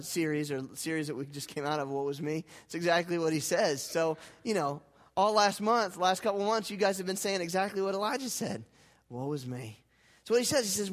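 A man preaching a sermon as pastor, dramatic, swinging from hushed lines to loud, fervent ones. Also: fairly high pitch. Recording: hall reverb.

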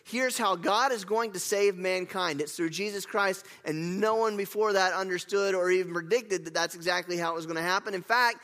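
A man preaching a sermon as pastor, animated and emphatic, with casual asides to the congregation. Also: sits high, a little fast, few pauses. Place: church sanctuary. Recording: long hall reverb.

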